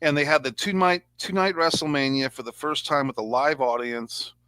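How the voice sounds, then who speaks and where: A man's voice: fairly high pitch, fairly even intonation, normal speed, pushed and bright, clear, resonant tone, no room sound. A man hosting a casual review chat, rambling and sarcastic as he talks things through. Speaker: podcast host.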